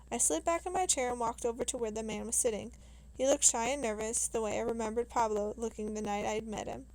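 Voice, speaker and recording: A woman reading a novel aloud in a steady, measured way, with small restarts now and then. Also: fairly high pitch, low-quality recording. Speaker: reader.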